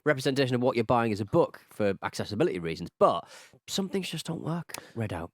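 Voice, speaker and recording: Chatty guy talking fast on a podcast, bouncy voice. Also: mid-range voice, dry recording. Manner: quick, lively interjections and teasing. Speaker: podcast co-host. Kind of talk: casual chat.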